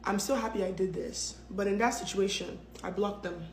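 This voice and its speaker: A woman's voice: mid-range voice, fairly even intonation, normal speed, roomy sound, slight background noise. Dramatic, blunt woman telling a story. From United States. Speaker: storytelling vlogger. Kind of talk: casual storytime.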